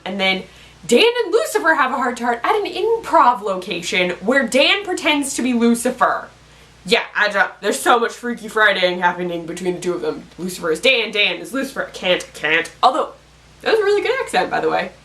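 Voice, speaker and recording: Bright, animated woman recapping a TV episode. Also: medium pitch, low-quality recording. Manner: chatty, excitable, rambling fan commentary. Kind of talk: casual TV recap.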